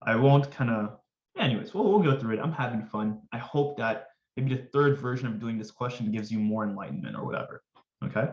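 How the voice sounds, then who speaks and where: A man's voice: mid-range voice, animated, a little fast, roomy sound, highs cut off. A man tutoring finance in a casual, upbeat way, chatting to viewers with jokey asides. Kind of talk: casual screen-recorded lesson.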